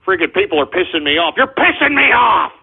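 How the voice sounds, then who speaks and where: A man's voice: high voice, sing-song, a little fast, gravelly, husky, narrow, tinny audio. A man hosting an internet radio show, ranting agitatedly and cursing at trolls. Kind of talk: live call-in style radio rant.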